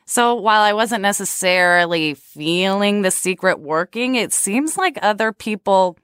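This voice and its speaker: A woman co-hosting a podcast, chatting casually with wry, deadpan banter. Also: medium pitch, unhurried, clean tone, no room sound. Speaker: podcast co-host. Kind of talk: casual chat.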